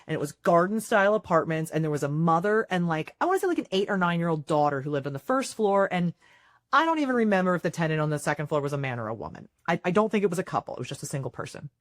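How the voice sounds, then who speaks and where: A woman's voice: fairly low pitch, rapid-fire, dry recording, clean studio sound. A woman hosting a casual chat, telling stories and acting out the quotes. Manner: animated storyteller who acts out quotes loudly. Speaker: property manager, podcast host.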